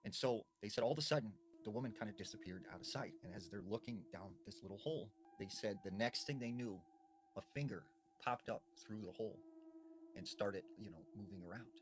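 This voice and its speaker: Low-voiced guy telling a creepy story, hushed and dramatic, faint background hum. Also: brisk. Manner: hushed, dramatic, lots of "you know". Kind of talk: spooky storytelling.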